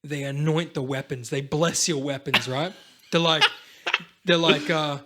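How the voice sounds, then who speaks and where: A man chatting casually on a podcast, rambling and swearing, now and then acting out loud voices. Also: fairly high pitch, steady tone, unhurried. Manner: rambling, swears a lot, acts out voices loudly. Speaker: podcast host. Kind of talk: casual chat.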